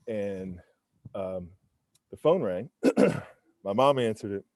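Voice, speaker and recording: A man's voice: on the low side, lively intonation, slow pace, a little mellow, dry recording. A man in his forties, a former pro football lineman, tells candid stories in a casual interview on a windy rooftop. He talks in a laid-back way with plenty of "man" and "you know", and acts out other people's lines. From United States. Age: 40s.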